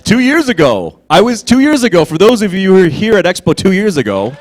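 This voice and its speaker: A man in his forties, a guest on a convention panel, telling stories in an animated way and breaking into loud mock voices. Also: high-pitched, brisk. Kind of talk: storytelling on a panel stage. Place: convention hall stage.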